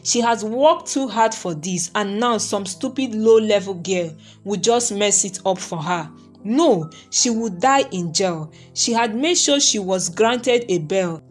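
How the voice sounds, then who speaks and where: A woman narrating a romantic folktale story in a steady, even reading voice. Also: medium pitch.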